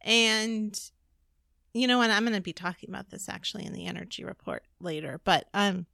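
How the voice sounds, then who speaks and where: A woman's voice: mid-range voice, steady tone, brisk, creaky, bright, forceful tone, dry recording, clean studio sound. A woman co-hosting a podcast in casual chat, rambling a little and laughing as she hunts for words. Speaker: podcast co-host, energy healer.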